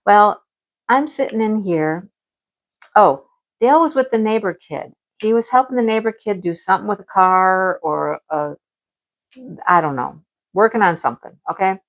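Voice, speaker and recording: A woman chatting casually at home as a crafting vlogger, animated and talkative, acting out her own past remarks. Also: mid-range voice, muffled recording. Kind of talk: casual chat about crafts and home life.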